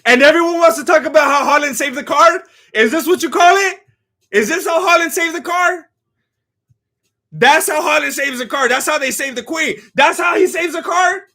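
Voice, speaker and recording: Male streamer, very high and bright voice, animated ranting live fight commentary. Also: moderate pace. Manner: animated, ranting, often shouting; thanks followers by name between rants.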